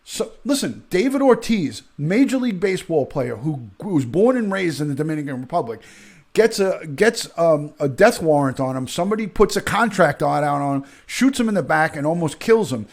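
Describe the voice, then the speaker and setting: A man's voice: fairly high pitch, sing-song, fairly quick. A middle-aged man hosting a live stream, ranting with outrage, emphatic, often repeating himself and restarting sentences. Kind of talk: heated live-stream rant.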